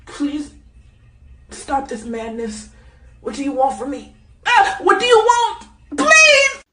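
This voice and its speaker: A man putting on the voice of a frightened person begging for mercy, in a high, swooping, pleading tone. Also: huge pitch swings, slow pace, echoey room, heavily acted.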